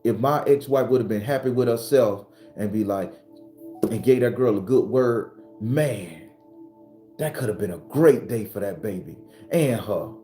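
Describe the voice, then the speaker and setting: A man's voice: fairly low pitch, unhurried. Blunt, profane preacher-like man. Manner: blunt, profane, preachy, rising to shouts when retelling arguments. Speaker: spiritual advisor and channel host. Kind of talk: impassioned motivational monologue. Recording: roomy recording with faint background music.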